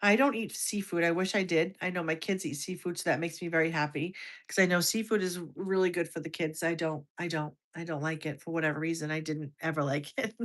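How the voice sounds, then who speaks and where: American woman, 50s, livestream host; lower-pitched, chatty, casual, restarts sentences and answers comments. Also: fairly even intonation, fast talker, a bit bright. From United States. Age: over 50. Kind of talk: casual livestream chat with viewers.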